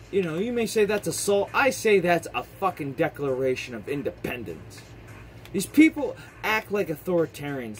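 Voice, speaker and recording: A man's voice: on the high side, a little hiss or hum, low-quality recording. A man vlogging an angry, profane rant, heated and repetitive, swearing often.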